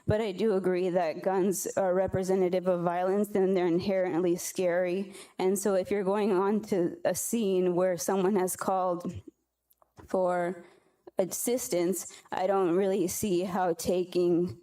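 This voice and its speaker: A tearful woman giving an earnest, halting public comment at a council meeting, speaking into a podium microphone in a council chamber. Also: fairly low pitch, little pitch movement, warm tone.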